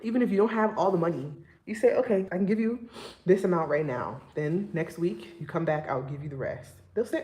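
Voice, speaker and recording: A young woman and single mom chatting casually with her viewers, emphatic and getting loud and exasperated when she vents. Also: medium pitch, lively intonation, moderate pace, echoey room. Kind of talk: casual livestream chat.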